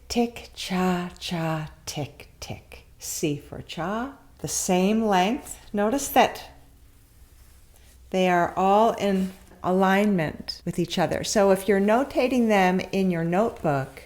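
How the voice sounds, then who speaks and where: Slow, calm woman teaching tambourine. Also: lowish voice. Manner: calm, guiding, chants rhythm syllables. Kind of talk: instructional lesson. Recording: loud tambourine playing behind.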